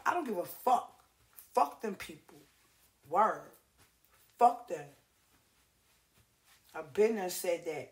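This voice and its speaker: A woman's voice: lowish voice, husky. A woman hosting a podcast, ranting in a rambling, profane monologue and mimicking other people in a raised voice. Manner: heavy cursing, animated, mimics others in raised voice. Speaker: podcast host.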